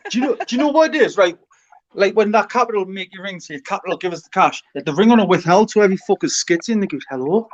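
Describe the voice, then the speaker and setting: High-voiced sweary man. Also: lively intonation, fast talker, no room sound, muffled recording. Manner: sweary anecdote telling. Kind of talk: casual chat.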